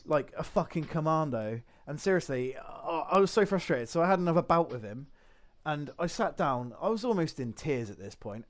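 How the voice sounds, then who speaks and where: A man's voice: a little high, expressive, normal speed. A young man, a podcast co-host, telling rambling anecdotes in casual chat with lots of swearing.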